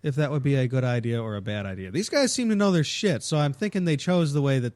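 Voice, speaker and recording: A man's voice: medium pitch, animated, fast talker, a little mellow, no room sound. A man co-hosting a casual podcast, explaining things with frequent restarts and hesitations. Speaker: podcast co-host. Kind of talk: casual chat.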